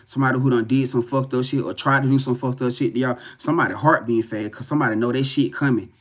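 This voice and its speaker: A man giving a live spiritual reading to viewers, talking in a profane, repetitive, animated way. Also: mid-range voice, quick pace. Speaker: tarot reader.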